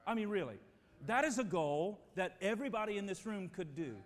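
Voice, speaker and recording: A man preaching a sermon as pastor, emphatic and swinging between loud and quiet passages, speaking to his church. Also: high-pitched, lively intonation, brisk. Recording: long reverb of a church hall.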